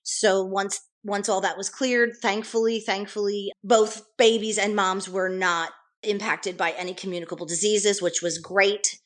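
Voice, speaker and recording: Unhurried and steady, a middle-aged woman with a medium-pitched, slightly bright voice tells her story as a nurse guest in an interview. Her conversational account is earnest and detailed, marked by frequent restarts.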